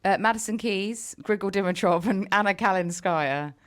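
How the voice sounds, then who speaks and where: A woman's voice: medium pitch, moderate pace. A woman co-hosting a podcast, talking in a chatty way and laughing at herself. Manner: chatty, laughing, self-mocking. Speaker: podcast co-host. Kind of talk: casual chat.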